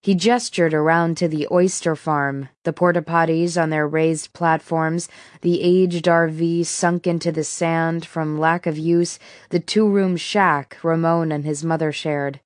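A woman narrating a first-person audiobook in a measured, steady way. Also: sits low, no echo, studio quality.

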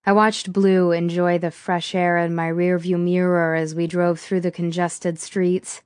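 A woman reading a first-person thriller audiobook in a steady, measured way. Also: fairly low pitch, clean tone, no echo, clean studio sound. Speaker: audiobook narrator.

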